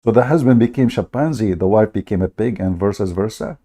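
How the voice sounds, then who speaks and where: A man's voice: on the low side, fairly quick, warm tone. A man hosting a livestream, telling a story in a mocking, sarcastic way in broken English. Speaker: host of a livestream. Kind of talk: livestream commentary.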